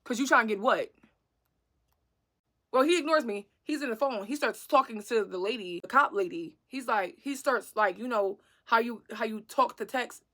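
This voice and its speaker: A woman vlogger telling a storytime about a bad date, blunt, slangy and profane, with animated retelling. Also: fairly high pitch, normal speed, hardly any pauses. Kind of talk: storytime narration.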